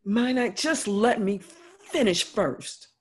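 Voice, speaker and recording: A remorseful, motherly friend, voiced by a woman with a husky voice. She speaks slowly and earnestly, laying out her regrets with heartfelt weight. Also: mid-range voice, expressive. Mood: confessing, earnest. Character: remorseful older woman friend confessing a wrong. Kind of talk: stage play acting.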